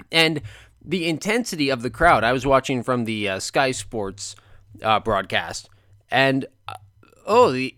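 A man talking through a boxing fight in a casual, animated monologue with lots of filler words. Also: mid-range voice, no room sound, clean studio sound. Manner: animated, chatty, frequent fillers. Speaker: boxing commentator vlogger.

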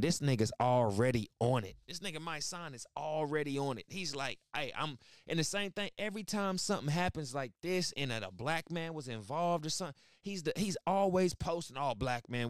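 A man's voice: on the high side, dry recording, clean studio sound. A man giving casual reaction commentary as a podcast host, blunt and profane, talking animatedly with lots of asides.

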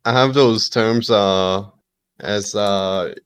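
A man's voice: on the low side, drawn-out words, fairly bright tone, smooth. Laid-back man chatting casually. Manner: laid-back, says "bro" a lot. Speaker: podcast guest, streamer. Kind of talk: casual chat.

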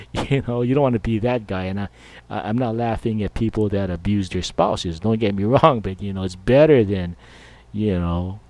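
Low-voiced rambling podcast host. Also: male voice, darkish tone. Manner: rambling, jokey, full of fillers. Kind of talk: casual monologue.

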